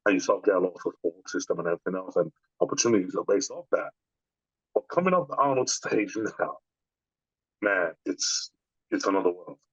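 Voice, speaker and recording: The voice sits low and slightly rough as a man, a bodybuilder guest, talks briskly in an interview. His storytelling is casual and animated with many restarts, captured in lo-fi sound with no echo.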